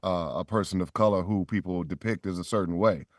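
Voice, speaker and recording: A middle-aged voice actor tells stories as a guest on a podcast, animatedly acting out quoted voices. His voice sits low and moves briskly. The sound is dry and clean, like a studio.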